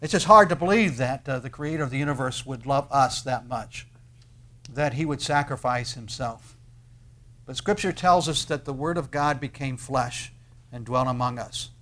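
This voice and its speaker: A man preaching a sermon in an earnest way, with dramatic pauses and swells of emphasis on key words. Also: medium pitch, fairly bright tone. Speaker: pastor.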